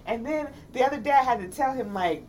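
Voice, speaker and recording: A woman co-hosting a casual podcast with her partner, telling stories in an animated, slangy way and laughing often. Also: high-pitched, fast talker, a little hiss or hum. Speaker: podcast co-host. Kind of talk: casual couple chat.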